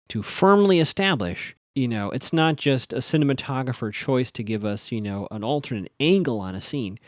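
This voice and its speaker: A man hosting a solo podcast, chatting casually through an episode recap, theorizing and quickly acting out characters' lines. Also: medium pitch, dry recording, clean studio sound.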